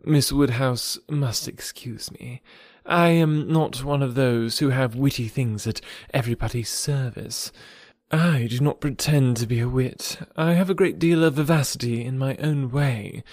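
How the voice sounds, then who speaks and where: A man's voice: medium pitch, a little slow, a little mellow, no room sound, studio quality, natural voice. A man voicing a self-important married woman who speaks in a haughty, affected way.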